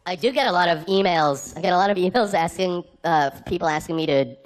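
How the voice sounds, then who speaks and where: A man's voice: sits high, quick pace. A man doing a stand-up comedy set, telling rambling anecdotes full of "like" fillers. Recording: noisy live recording with clicks.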